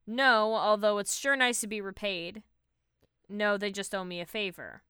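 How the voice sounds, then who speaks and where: Bright, crisp-voiced woman reading a quiz. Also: mid-range voice, normal speed, no echo, studio quality. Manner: reads options aloud in a steady, matter-of-fact way. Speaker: podcast co-host. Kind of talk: casual chat, reading quiz questions.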